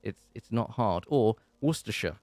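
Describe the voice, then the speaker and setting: A man's voice: on the low side, moderate pace, clear, resonant tone, no room sound. A man with an English accent hosting a casual live-stream Q&A from his bedroom. He rambles and chats with lots of fillers and restarts, and he is hot and sweaty. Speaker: channel host.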